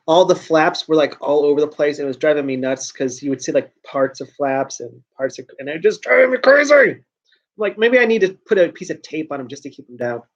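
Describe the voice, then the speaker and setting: Rambling joking man, dull lo-fi sound. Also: a little high. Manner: rambling, joking, self-mocking, trails off and restarts. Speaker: host of a joke news show. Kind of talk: casual rambling talk to camera. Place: at home.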